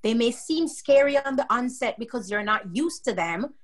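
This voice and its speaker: A woman hosting a children's show, patiently drawing a lesson from a story for a young guest in a gentle teaching chat. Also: fairly high pitch, expressive, moderate pace.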